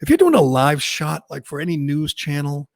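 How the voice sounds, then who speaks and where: A male talk radio host tears into his targets with a mocking, emphatic rant, stumbling and restarting as he goes. His voice has a gravelly fry to it, and the dry, close studio mic leaves no room sound at all. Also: fairly high pitch, big pitch swings, moderate pace, no echo.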